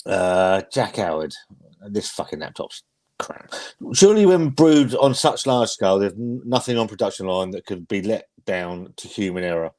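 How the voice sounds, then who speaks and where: A man's voice: on the low side, expressive, normal speed, a little mellow. Man, casual livestream host, sweary, blunt, rambling, restarts a lot. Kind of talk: casual livestream beer chat.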